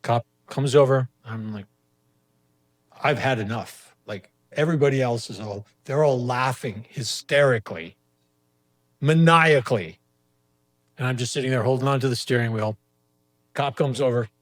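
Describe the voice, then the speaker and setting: Male storyteller, open-mic stage, animated, salty language. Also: medium pitch, moderate pace, pauses often. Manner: profane, animated, acts out voices. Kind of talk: live comedic storytelling. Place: small community storytelling venue with a live audience.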